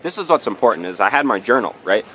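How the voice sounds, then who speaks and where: A man's voice: fairly low pitch, sing-song, fast talker, sharp tone, a little hiss or hum. A man giving a motivational vlog talk, telling a story and often checking in with tag questions. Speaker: vlogger.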